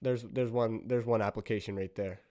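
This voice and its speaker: A man's voice: fairly low pitch, steady tone, brisk, darkish tone. A man hosting a solo podcast, thinking aloud in a giggly, self-conscious way as he tries out voices. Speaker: podcast host.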